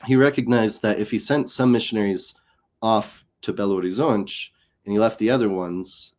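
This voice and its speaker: A man with a fairly low voice tells stories as a comedian guest, chatting casually on an interview show. He acts out the voices of people he quotes. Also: moderate pace, darkish tone. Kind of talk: casual storytelling chat.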